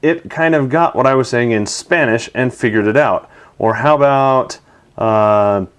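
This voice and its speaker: A man's voice: medium pitch, a little slow, clean tone. A man hosting a tech video, narrating a product demo in an enthusiastic, chatty way.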